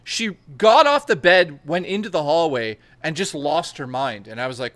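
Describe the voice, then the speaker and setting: Young male storyteller, bright voice, slightly raised pitch, dry close sound, crude and animated. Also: moderate pace, hardly any pauses, dry recording. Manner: crude, animated storytelling with lots of swearing and laughter. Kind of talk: casual chat.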